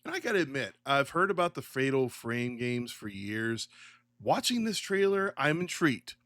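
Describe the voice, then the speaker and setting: A middle-aged man hosting a casual solo commentary podcast, ranting in an animated, exasperated way and swearing often. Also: medium pitch, normal speed, no room sound, studio quality. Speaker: podcast host.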